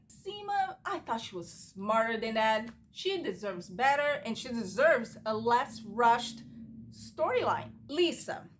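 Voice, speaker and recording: A woman's voice: fairly high pitch, fairly bright tone, slight background noise. A woman giving a casual, opinionated TV recap, talking straight to camera and acting out quotes with animation. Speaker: TV recap vlogger.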